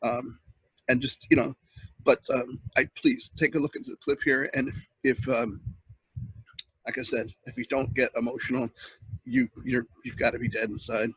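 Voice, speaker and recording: Host type: earnest, halting man, husky tone, close and dry sound. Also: mid-range voice, fairly even intonation, fairly bright tone, dry recording, poor audio. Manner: earnest, halting, with many restarts. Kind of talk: casual webcam monologue.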